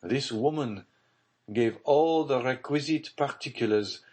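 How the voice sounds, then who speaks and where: A man voicing a haunted aristocratic official in an audiobook, speaking in a grave, hushed, brooding tone. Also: medium pitch, measured pace, voice pushed up, close to an everyday voice. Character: haunted scheming nobleman, secretive and grave.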